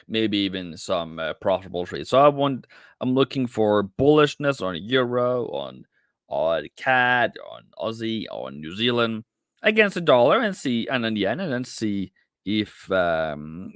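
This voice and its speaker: A man's voice: on the low side, a bit bright, no echo, studio quality. A man hosting a casual live trading stream, chatting directly with viewers and calling them mate and brother. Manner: chatty, addresses viewers directly, many restarts.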